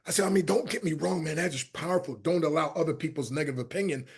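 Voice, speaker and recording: A middle-aged man with a husky, somewhat high voice tells stories as a guest in an interview. He talks in a lively, animated way and acts out the people he quotes. His loudness swings from soft asides to near shouts. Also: quick pace. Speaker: podcast guest, motivational speaker. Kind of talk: storytelling interview talk.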